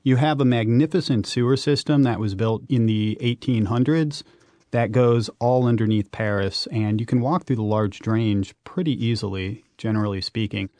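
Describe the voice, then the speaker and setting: A man, a guest on a radio interview, telling adventure stories in an animated, emphatic way. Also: on the low side, normal speed, dry recording. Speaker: guest, urban explorer and author.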